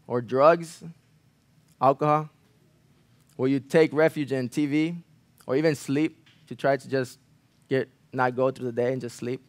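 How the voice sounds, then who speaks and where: A man preaching a sermon in a church, earnest, repeating phrases for emphasis, rising loud on key lines and falling quiet after. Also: fairly even intonation, measured pace, pauses often, clear, resonant tone, no echo. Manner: earnest, swells louder on key lines then drops low. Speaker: pastor.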